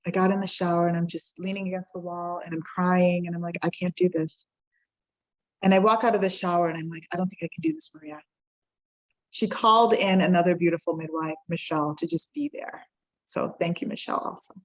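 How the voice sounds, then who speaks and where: A woman's voice: fairly low pitch, rough recording. Heartfelt woman telling her own story. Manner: animated, reenacts dialogue with quick shifts in tone; reflective and heartfelt, slows down at key moments. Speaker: podcast guest. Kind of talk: personal storytelling.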